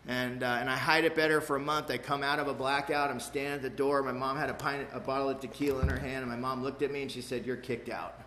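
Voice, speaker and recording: A man's voice: medium pitch, flat delivery, bright, forceful tone, slight background noise. A man giving a personal testimony about his recovery to a live audience, talking frankly and emphatically, often tagging his lines with "man" and "you know.". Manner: emphatic, with quick repeats and restarts. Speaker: speaker sharing his recovery story. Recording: echoey room.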